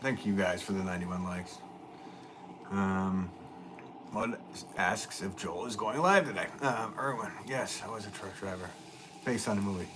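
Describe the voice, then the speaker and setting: Easygoing low-voiced man chatting on a live stream. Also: normal speed, noisy background. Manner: easygoing and rambling, chuckles often, trails off mid-sentence. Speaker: potter hosting a live stream. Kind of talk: casual live-stream chat, reading viewer comments.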